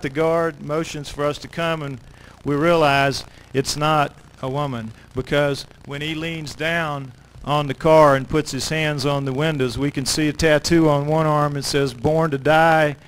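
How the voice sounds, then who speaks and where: A middle-aged man, an author and lecturer, telling a story to an audience in an animated way with dramatic pauses. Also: a little high, smooth, low-quality recording.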